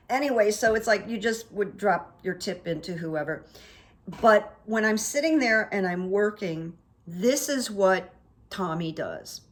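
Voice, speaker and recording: A woman hosting her own vlog, telling everyday anecdotes in a chatty, casual way and acting out what people said. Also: on the low side. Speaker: vlog host. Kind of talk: casual storytelling monologue.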